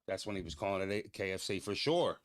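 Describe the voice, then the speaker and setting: A man's voice: deep voice, animated, fast, dry recording, clean studio sound. A young man hosting a livestream, joking loosely and profanely, laughing and roasting his chat. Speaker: livestream host.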